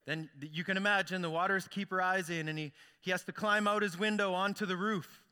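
A male pastor preaching to his congregation in a loose, storytelling manner. His voice is very bright and forceful, with a clear, ringing tone. The church hall adds a long reverb to every phrase. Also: high voice, steady tone, a little fast, hardly any pauses. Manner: storytelling, conversational. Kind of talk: sermon.

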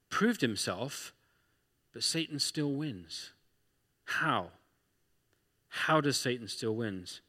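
A man's voice: medium pitch, sharp tone, long reverb tail. A man preaching a sermon as pastor, talking through scripture in a conversational way with rhetorical questions.

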